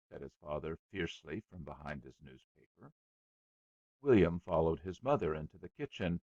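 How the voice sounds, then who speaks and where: A man reading a children's story aloud with measured, expressive scripted narration. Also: deep voice, vocal fry, dry recording, dull audio. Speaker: audiobook narrator.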